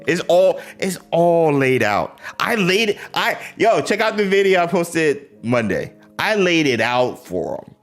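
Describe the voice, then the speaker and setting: A young man hosts a live stream and chats loosely with his viewers. He speaks slowly but his pitch swings widely as he sighs, laughs and pleads. Faint music plays underneath. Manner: animated, greets chat viewers, sighs and laughs, exasperated pleading. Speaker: livestream host. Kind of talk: casual live-stream chat.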